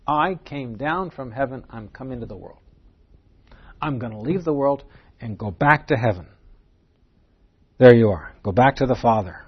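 A man's voice: mid-range voice, slightly rough, dull audio. A man teaching verse by verse through a Bible passage, earnest and emphatic, posing rhetorical questions to his listeners.

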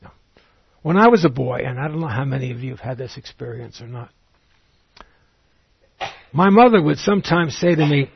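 A man giving an expository Bible teaching in a measured, explanatory way, reading scripture aloud as he goes. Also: fairly high pitch, lively intonation, vocal fry, slightly rough, no echo, lo-fi sound.

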